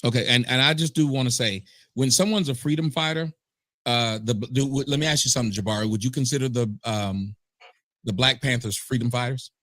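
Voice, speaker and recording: A man's voice: medium pitch, fairly quick, a bit bright, no echo, clean studio sound. A man in a live-streamed discussion, argumentative and sarcastic, restarting to push his point.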